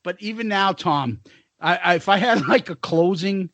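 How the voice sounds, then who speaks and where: A man's voice: high-pitched, moderate pace, fairly bright tone, no echo. A middle-aged man co-hosting a podcast, telling profane school stories in casual chat and laughing through them. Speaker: podcast co-host.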